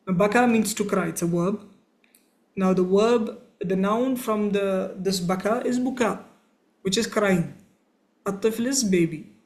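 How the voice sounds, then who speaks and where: Male teacher, high voice, patient step-by-step grammar explainer. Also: darkish tone. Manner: patient, explains step by step, asks and answers his own questions.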